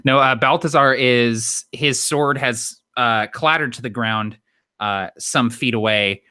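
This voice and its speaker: A man's voice: medium pitch, takes it slowly, bright, forceful tone, clean tone, no echo, clean studio sound. A man playing in a tabletop role-playing game, joking and laid-back as he describes his character's state. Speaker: player. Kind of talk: casual tabletop play.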